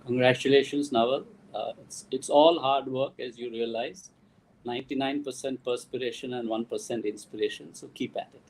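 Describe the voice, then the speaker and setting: A man, the jury chair, offering brief, quiet advice over a video call. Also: mid-range voice, fairly even intonation, normal speed, a little hiss or hum, rough recording.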